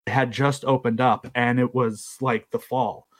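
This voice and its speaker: Southern young guy rambling thru a story, jokes at his own expense, regular pitch. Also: fairly even intonation, measured pace. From South Carolina, US. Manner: rambling, self-deprecating, acts out quoted voices. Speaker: podcast storyteller. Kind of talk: casual storytelling.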